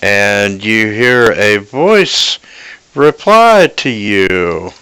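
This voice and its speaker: A man running a tabletop game as game master, speaking very slowly with pauses and fillers. His voice is bright and forceful, with a smooth, crisp resonance. The sound is dry and close, with no room around it. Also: on the low side, animated, no room sound. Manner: unhurried, hesitant with many fillers.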